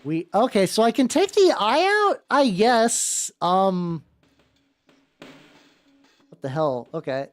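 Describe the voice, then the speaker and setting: A woman streaming a video game playthrough, talking excitedly, swearing freely, and rambling in asides. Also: medium pitch, slow, pauses often, faint music behind. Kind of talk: live gameplay commentary.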